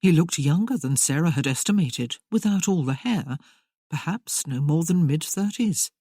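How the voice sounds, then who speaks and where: A woman reading a period romance aloud as narrator, in an unhurried, expressive storytelling manner. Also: deep voice, slightly rough, no echo, studio quality. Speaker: audiobook narrator. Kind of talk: scripted narration.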